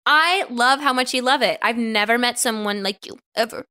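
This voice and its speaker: A woman's voice: fairly high pitch, normal speed, smooth. A woman co-hosting a comedy podcast, playing a flustered girlfriend in an improvised sketch. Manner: flustered, animated, laughing through scenes. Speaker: podcast co-host.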